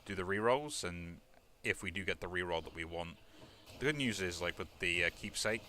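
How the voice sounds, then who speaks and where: A man's voice: low voice, pushed and bright, slight background noise. A man giving casual commentary while playing a video game, rambling with many fillers. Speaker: let's play host.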